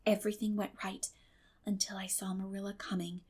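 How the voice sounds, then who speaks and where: A woman reading an audiobook, voicing an imaginative, chatty young girl who tells her tale in a theatrical, breathless way with hushed whispers. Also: mid-range voice, flat delivery, fairly quick, breathy edge, natural voice. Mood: breathless confiding. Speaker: audiobook reader.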